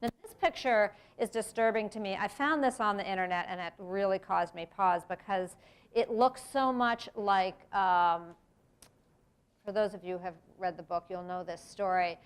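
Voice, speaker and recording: A middle-aged woman from the United States gives a public talk in an earnest, reflective way. Her voice sits at a medium pitch, and she breaks into sudden emphatic rises. The talk appears to have been given in a lecture room. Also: moderate pace, clean tone. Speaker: speaker giving a presentation on race.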